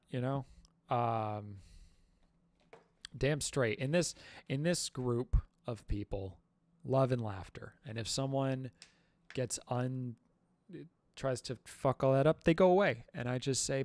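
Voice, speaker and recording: A man hosting a casual livestream Q&A, rambling and halting through lots of fillers and self-mocking jokes. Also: medium pitch, darkish tone, no room sound. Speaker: livestream host.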